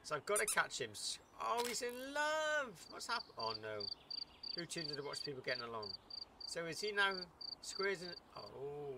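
Man, let's-play commentator, lively chatter, slightly high voice, noisy recording. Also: normal speed, creaky. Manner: excitable, chattering, cheering the game on. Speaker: gaming YouTuber. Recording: loud background noise.

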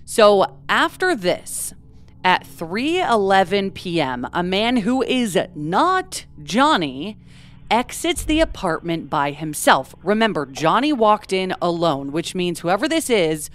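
A woman's voice: medium pitch, big pitch swings, takes it slowly. A woman co-hosting a true crime podcast, reading from a script and breaking into casual asides. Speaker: podcast co-host.

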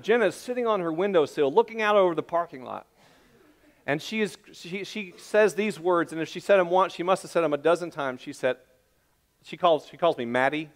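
A middle-aged man preaching a sermon, telling a rambling, self-deprecating family story with many restarts. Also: fairly high pitch. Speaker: pastor.

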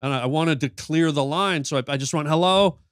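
A man telling a long story on a podcast, animated and full of stammered restarts. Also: on the high side, quick pace, no room sound, studio quality. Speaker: podcast guest. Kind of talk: storytelling in casual chat.

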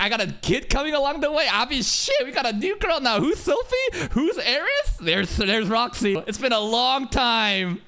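A man giving live reaction commentary on an anime, excitable and profane, often yelling at his chat. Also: sits high.

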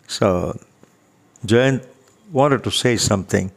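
Older guy telling a story slow and easy, gravelly voice, acts out the people talking. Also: fairly low pitch. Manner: chuckling, unhurried, with quoted dialogue. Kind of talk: casual storytelling.

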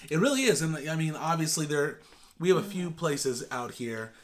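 A man's voice: on the high side, lively intonation, normal speed. A man co-hosting a food vlog, chatting in an easygoing way while eating. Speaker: vlog co-host. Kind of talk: casual chat while eating.

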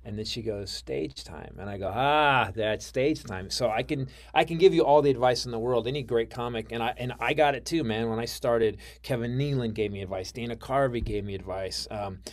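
A man with an American accent, a comedian telling stories in a casual interview, swearing freely and acting out quoted lines loudly and high. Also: a little fast, hardly any pauses. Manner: profane, excitable, acts out quotes with big jumps in pitch and loudness. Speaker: comedian guest. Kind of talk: animated storytelling in casual interview.

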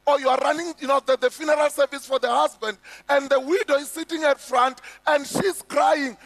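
A man's voice: extremely high pitch, fairly even intonation, brisk, few pauses, fairly bright tone. A man with a South African accent preaching a sermon as pastor, emphatic, with frequent rhetorical questions to the congregation. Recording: echoey hall with faint music.

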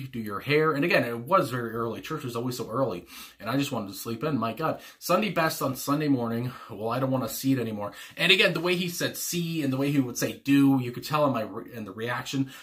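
A man's voice: mid-range voice, a bit bright. A man talking casually through his reaction to a song, rambling with lots of fillers and frequent chuckles. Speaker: music reaction host.

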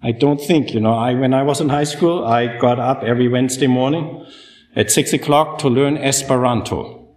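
A male professor on a panel, answering in a deliberate, reflective way. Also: medium pitch, a little mellow, a little hiss or hum. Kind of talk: academic panel discussion. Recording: roomy hall sound.

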